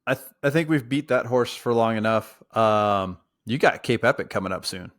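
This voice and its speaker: A man's voice: mid-range voice, moderate pace, a bit bright. A man co-hosting a casual podcast, speaking in an easygoing, teasing manner. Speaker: podcast co-host.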